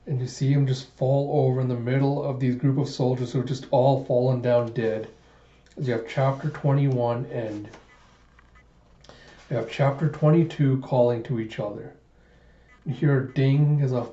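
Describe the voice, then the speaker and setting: A man's voice: mid-range voice, flat delivery, normal speed, mellow, reverberant, highs cut off. A man casually retelling a manga chapter in loose, run-on narration. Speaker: manga reviewer.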